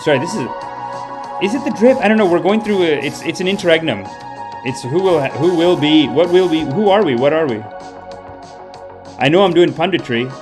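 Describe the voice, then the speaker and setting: A man's voice: a little high, lively intonation, a little fast, long pauses, music in the background. A man hosting a comedy livestream, rambling in mock-sermon style and correcting himself as he goes. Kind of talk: mock-guru livestream banter. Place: home streaming setup.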